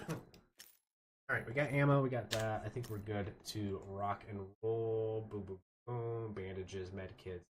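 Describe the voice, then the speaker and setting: A man's voice: lowish voice, steady tone, unhurried, slight background noise. Chatty man rambling while gaming. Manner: rambling, chatty, laughs often. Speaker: streamer. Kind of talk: casual gaming chat.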